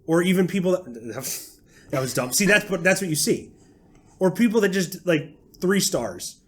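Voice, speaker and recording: A man's voice: on the high side, animated, a little slow. A young man co-hosting a casual podcast, ranting sarcastically and swearing freely. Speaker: podcast co-host. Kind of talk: casual chat.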